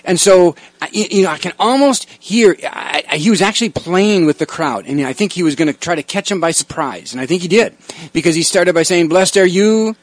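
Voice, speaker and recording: A man's voice: a little high, brisk, no room sound. A male pastor leading a Bible study discussion, explaining verses reflectively with frequent restarts.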